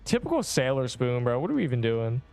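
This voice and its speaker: A man's voice: medium pitch, wildly swooping pitch, quick pace, gravelly, darkish tone, faint music behind. Rambling young man streaming a game. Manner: rambling, offhand, slangy, with many restarts. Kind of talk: casual livestream chat answering viewers.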